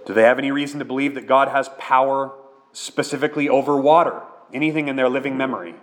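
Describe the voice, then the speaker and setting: A man's voice: medium pitch, fast talker. A man who is a pastor, preaching a sermon in an earnest, conversational way with many questions.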